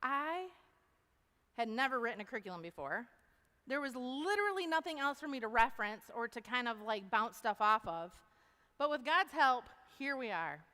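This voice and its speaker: A woman giving an animated testimony talk to an audience, folksy, calling them y'all. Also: on the high side, moderate pace. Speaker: speaker at a university event. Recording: long hall reverb.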